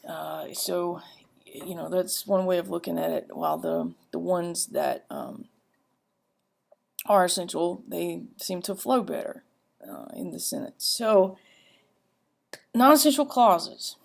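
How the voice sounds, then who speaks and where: A woman teacher giving a grammar lecture, halting and repeating herself with many fillers as she reads example sentences aloud. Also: fairly low pitch, vocal fry.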